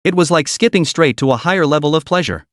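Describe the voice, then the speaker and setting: A man's voice: a little high, quick pace, no echo, clean studio sound, natural voice. A man voicing a shy, drowsy young college woman. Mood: sleepy. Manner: soft, drowsy replies.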